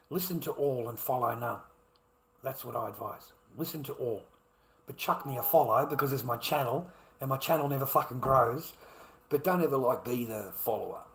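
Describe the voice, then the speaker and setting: A man's voice: mid-range voice, creaky, a bit bright. Blunt, swearing Australian man. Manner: blunt and profane, repeats himself, says mate a lot. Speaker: live streamer. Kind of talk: rambling casual livestream talk.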